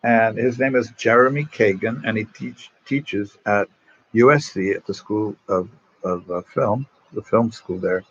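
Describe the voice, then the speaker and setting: With highs cut off and slight background noise, a lowish male voice comes through: an older priest. He tells an online audience warm, meandering stories from his life, casually restarting his sentences again and again.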